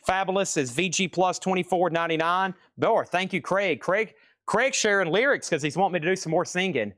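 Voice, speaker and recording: A man hosts a live online sale of vinyl records, briskly rattling off items and prices with casual, chatty asides to viewers. His voice sits high with a fairly bright tone, recorded in studio quality with no room sound.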